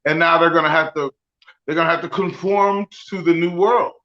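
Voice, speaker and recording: A man's voice: fairly high pitch, steady tone, a little fast, bright, forceful tone, dull audio. A man co-hosting a podcast in casual, profane chat, often asking "you know what I'm saying.". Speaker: podcast co-host.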